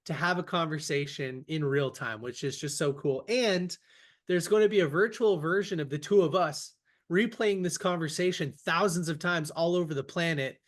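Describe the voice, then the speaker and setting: A man's voice: a little high, moderate pace. Upbeat podcast host man. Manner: enthusiastic, upbeat storyteller. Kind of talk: casual podcast interview. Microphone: video call.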